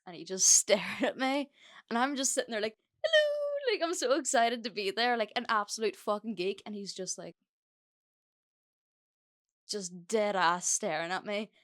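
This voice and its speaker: A woman's voice: mid-range voice, moderate pace, long pauses, fairly bright tone. A young woman hosting a solo podcast, telling a story in a chatty, sweary way with lots of fillers. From Ireland. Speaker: podcast host.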